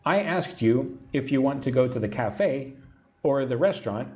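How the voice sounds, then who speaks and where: A man's voice: mid-range voice, expressive, normal speed, a little mellow. A man from Texas with an American accent, teaching English idioms on a live stream and answering viewer comments. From Texas, USA. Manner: patient explaining, reads viewer comments aloud, tag "right?" often.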